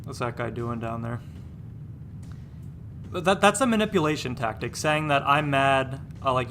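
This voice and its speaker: A man's voice: mid-range voice, fairly quick, a bit bright, a little hiss or hum. A man live-streaming a game, chatting casually and rambling, restarting his words and sounding exasperated and dismissive.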